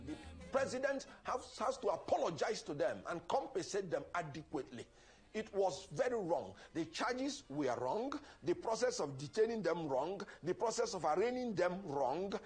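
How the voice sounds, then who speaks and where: A man's voice: sits high, very animated, moderate pace, a little mellow, breathy edge, soft background music. A man giving a formal statement and condemning the treatment of detainees in an emphatic, indignant way.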